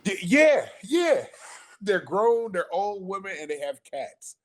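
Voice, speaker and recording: A man telling a story casually on a podcast, animated and profane, acting out the people he quotes. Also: high-pitched, slow. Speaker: podcast guest.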